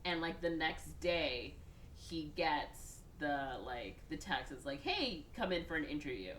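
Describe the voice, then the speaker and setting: A woman's voice: low voice, big pitch swings, measured pace, a bit bright, roomy sound, a little hiss or hum. A woman hosting a podcast, casually retelling a movie plot in a chatty way, filling her talk with "like". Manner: chatty, heavy use of "like", breaks into exaggerated voices for characters. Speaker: podcast host.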